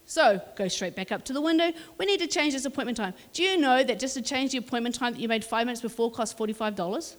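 A woman giving a sermon, telling a story in a lively, conversational way. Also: fairly high pitch, fast talker. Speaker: preacher. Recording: reverberant hall.

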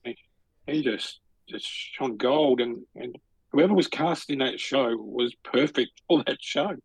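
Australian male co-host, husky, gushing and eager, dry close-mic sound. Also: medium pitch, measured pace, dry recording, poor audio. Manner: enthusiastic, gushing with restarts. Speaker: podcast co-host. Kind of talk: casual podcast conversation.

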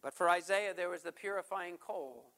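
A man preaching a sermon in an earnest manner, rising for emphasis and dropping to a hushed tone. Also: high voice, moderate pace, creaky. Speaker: pastor.

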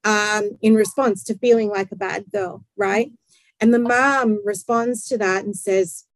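A woman explains psychology in conversation, talking fast and acting out little quotes. Her mid-range voice keeps fairly even intonation, and the audio is poor with no room sound.

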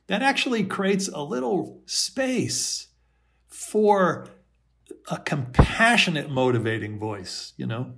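Gentle man teaching on a video call. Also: on the high side, sing-song, slow, gravelly, slight background noise. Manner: gentle, reflective, laughs softly, acts out inner voices. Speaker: host and self-compassion teacher.

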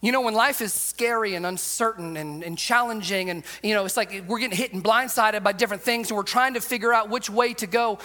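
A man's voice: high-pitched, fairly quick, hardly any pauses, bright, forceful tone. A man preaching a sermon in an earnest, conversational way, acting out the quotes in his stories. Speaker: pastor. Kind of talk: sermon with storytelling. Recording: long hall reverb.

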